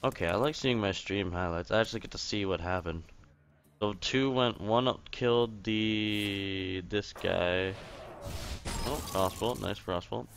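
A man's voice: lowish voice, a little slow, gravelly. A young man streaming a card game, commenting to himself in a frustrated, swearing, muttering way. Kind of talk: live gameplay commentary. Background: game music.

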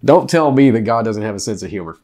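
A man's voice: lowish voice, expressive, fast, noisy background. Joking man rambling to camera. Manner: joking, rambling, laughs often. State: after eating a very hot chip. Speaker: vlogger reviewing food and drinks. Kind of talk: casual chat to camera. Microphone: desk mic.

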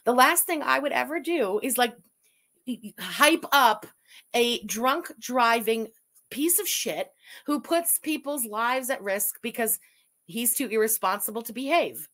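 A woman's voice: on the high side, lively intonation, measured pace, fairly bright tone. A woman from Canada giving profane, sarcastic commentary while reacting to a video. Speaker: commentary streamer.

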